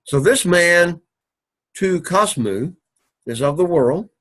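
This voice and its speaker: A man teaching an introductory Greek class, explaining sentences step by step with patient, drawn-out phrasing and frequent throat-clearing. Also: high-pitched, animated, fairly bright tone. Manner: patient, drawn-out explaining with many "all righty"s and restarts. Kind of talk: recorded classroom lecture.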